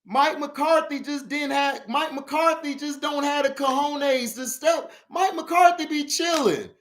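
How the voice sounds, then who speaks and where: A man hosting a casual sports vlog, ranting animatedly about football, laughing often and shouting for emphasis. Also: very high-pitched, measured pace.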